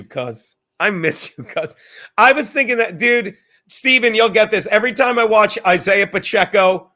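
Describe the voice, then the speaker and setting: A man's voice: high-pitched, pushed and bright. A man hosting a podcast, talking in a rambling, profane and jokey casual monologue. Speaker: podcast host.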